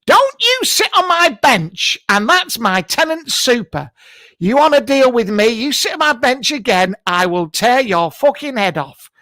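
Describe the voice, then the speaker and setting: A man's voice: very high-pitched, sing-song, measured pace, sharp tone, dry recording, full character voice. A man voicing a foul-mouthed, aggressive old royal woman in a comedy sketch. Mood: threatening. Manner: threatening, crude.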